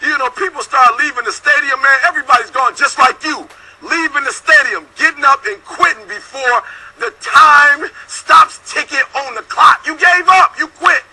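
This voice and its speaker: A man giving a fiery motivational pep talk, preacher-like, punching his points with repeated "baby" and "boom". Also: normal speed, sharp tone, poor audio. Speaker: motivational speaker.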